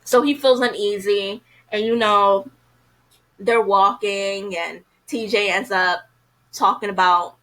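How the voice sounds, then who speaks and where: Woman reviewer, casual and outspoken, bright tone, lots of fillers. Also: medium pitch, fairly even intonation, slow pace, poor audio. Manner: chatty, frank, heavy use of "you know" fillers. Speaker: TV episode reviewer.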